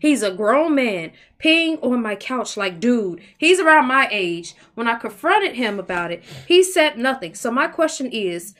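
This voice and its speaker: A woman co-hosting a casual podcast, reading listener questions aloud and reacting with animated exclamations. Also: fairly high pitch, measured pace, hardly any pauses. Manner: animated, exclaiming, laughs often. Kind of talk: casual chat.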